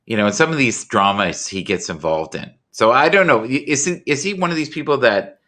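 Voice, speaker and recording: A man hosting a casual livestream chat, talking in a rambling, jokey, animated way. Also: mid-range voice, a little fast. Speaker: livestream host. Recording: home computer mic.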